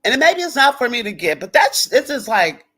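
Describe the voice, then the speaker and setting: A woman hosting a casual livestream, talking straight to her viewers in an animated, profane way. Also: a little high, moderate pace. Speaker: livestream host. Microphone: computer or phone mic on a live stream.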